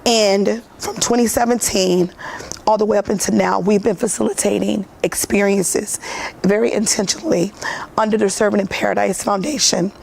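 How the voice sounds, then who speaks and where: A woman's voice: mid-range voice, fairly even intonation, normal speed, creaky, a little mellow, slight background noise. A woman from the United States, a foundation founder, telling her story with earnest emotion in a morning TV interview.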